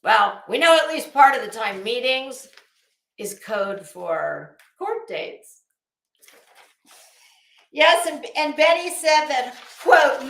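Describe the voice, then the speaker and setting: A woman's voice: high-pitched, very animated, slow pace, vocal fry, fairly bright tone, reverberant, slight background noise. A woman hosting a live commentary stream, talking in a sassy, blunt, profane way and calling people honey.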